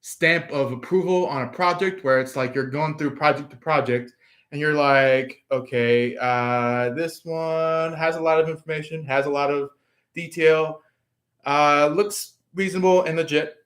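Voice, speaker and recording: A man giving a casual live tarot reading, filling his talk with pauses and acting out the people he quotes. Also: on the high side, fairly even intonation, fairly bright tone. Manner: acts out quoted voices, laughs, filler-heavy. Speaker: tarot reader.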